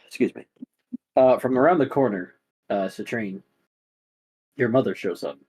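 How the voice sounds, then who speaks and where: A man narrating a tabletop role-playing game as game master, relaxed and full of fillers. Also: medium pitch, a little slow, slightly rough, rough recording.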